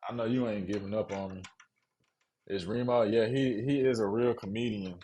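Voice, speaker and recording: A man's voice: on the low side, steady tone, moderate pace, mellow. A young man from Mississippi with a Southern accent, chatting casually with live-stream viewers in slangy talk while building a PC and reading chat aloud.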